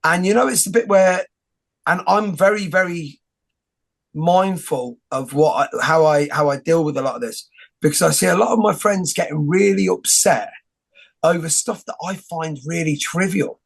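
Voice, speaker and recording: Male host, gravelly, chatty and rambling, lots of false starts. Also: a little high, normal speed. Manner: rambling, joking, many restarts. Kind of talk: casual conversation.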